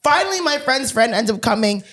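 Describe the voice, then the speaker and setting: A woman co-hosting a podcast who tells a story in casual chat, animated, swearing freely and acting out the dialogue. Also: on the high side, a little fast, a crowd in the background. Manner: animated, swears freely, laughs mid-sentence; acts out quoted dialogue. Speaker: podcast co-host.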